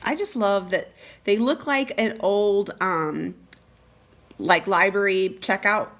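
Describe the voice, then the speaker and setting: A woman librarian chatting casually as she unboxes packages on a live stream, reading notes aloud with excited bursts. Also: medium pitch, slow. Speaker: school librarian.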